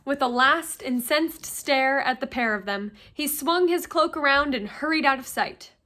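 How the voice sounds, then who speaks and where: Teacher lady reading a novel out loud, high voice, steady storyteller pace.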